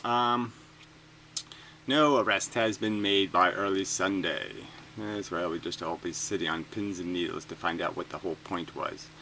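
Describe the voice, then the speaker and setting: A man's voice: sits low, steady tone, normal speed, bright, forceful tone, slight background noise, rough recording. A man reading news items aloud and cutting in with sarcastic, profane mocking asides. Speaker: commentator reading news stories. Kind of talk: sarcastic comedic rant.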